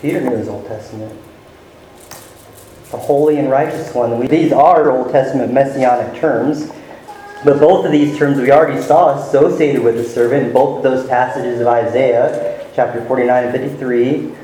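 A man's voice: medium pitch, normal speed, mellow, slight background noise. A man preaching a sermon, teaching verse by verse and stressing key words with rising emphasis. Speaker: pastor. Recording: very echoey room with faint ambience.

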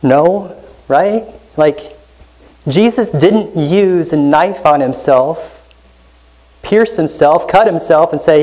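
Male pastor for a teaching sermon: steady explanatory delivery, keeps checking in with the room through rhetorical questions, reads scripture aloud. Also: a little high, slow, rough recording. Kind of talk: expository sermon.

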